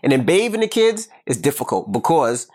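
A man co-hosting a podcast, telling a home story in an animated, profane way. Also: medium pitch, brisk. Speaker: podcast co-host. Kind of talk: casual storytelling chat.

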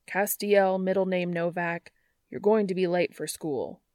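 A woman's voice: lowish voice, normal speed, vocal fry, a little mellow, no echo, studio quality. A woman reading fiction aloud and voicing a cocky, playful young man with teasing banter.

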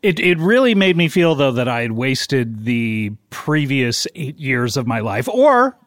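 A middle-aged man co-hosting a comedy podcast, halting and deadpan, with many restarts. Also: mid-range voice, no echo, clean studio sound. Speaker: podcast co-host. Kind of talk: improvised comedy podcast chat.

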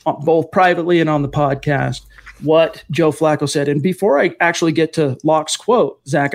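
Podcast host, male, a bit high, loose and long-winded. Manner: long-winded, detours and self-corrections. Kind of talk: casual sports podcast chat.

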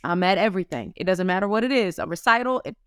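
A woman in her thirties, a business owner, being interviewed and telling lively stories in a casual way. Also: lowish voice, fast talker, clear, resonant tone, no room sound, studio quality.

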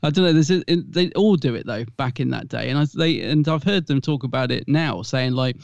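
A man co-hosting a podcast, chatting in an animated, jokey way, on a slightly dull lo-fi mic. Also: mid-range voice, fairly quick, gravelly, no room sound. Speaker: podcast co-host. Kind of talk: casual podcast chat.

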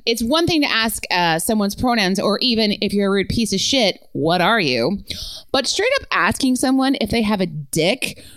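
A woman's voice: on the high side, clear, resonant tone, no room sound. A woman co-hosting a podcast, reading listener stories aloud with frequent laughs and swearing. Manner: laughs often, swears, animated delivery. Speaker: podcast co-host.

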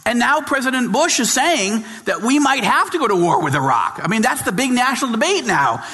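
A man putting on a loud, excitable rock radio DJ, drawling and slangy, his voice leaping high and bright, sounding a bit far from the mic. A brash morning-show guy who can't believe what he's hearing. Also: brisk, big-room sound, full character voice. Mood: incredulous. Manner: drawling surfer-style "dude" talk. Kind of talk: impression within a speech.

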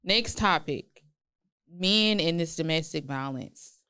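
A woman's voice: deep voice, lively intonation, slow pace, bright, forceful tone, smooth, no room sound, studio quality. A woman co-hosting a podcast who introduces topics and asks the others pointed questions. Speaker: podcast co-host. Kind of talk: casual chat.

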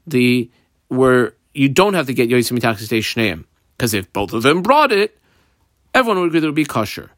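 A man teaching a Talmud lesson step by step, reading Aramaic phrases and explaining them in English with lively jumps in pitch. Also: no room sound, clean studio sound. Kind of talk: daf yomi Talmud lesson.

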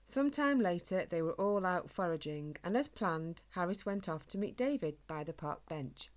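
A woman narrating a children's animal story in a gentle, measured way. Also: on the low side, expressive.

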